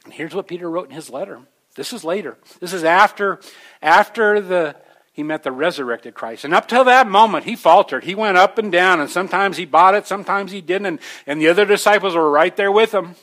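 A man preaching a sermon in a conversational way, restarting phrases, rising to emphatic peaks and then dropping low. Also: fairly quick, fairly bright tone. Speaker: pastor.

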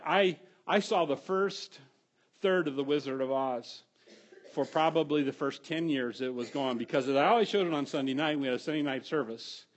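A middle-aged male pastor preaching a sermon, telling stories with animated swings from hushed to loud. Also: fairly high pitch.

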